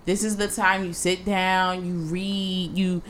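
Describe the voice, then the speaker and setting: Brisk advice-giving woman in casual chat. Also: on the low side, flat delivery, slight background noise, low-quality recording. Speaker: podcast co-host.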